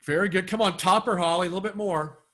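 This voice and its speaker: A fairly high-voiced man runs a remote training session over a video call. He coaches his trainees in an upbeat voice and keeps pushing them to go bigger. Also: fast, pushed and bright. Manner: upbeat coaching, urging participants on. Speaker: sales trainer. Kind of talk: live online training session.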